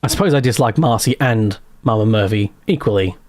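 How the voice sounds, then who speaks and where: A man's voice: on the low side, fairly quick, a little mellow, no room sound. A man streaming a game live, muttering a chatty running commentary to himself as he plays. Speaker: gaming streamer. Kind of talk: casual live gameplay commentary.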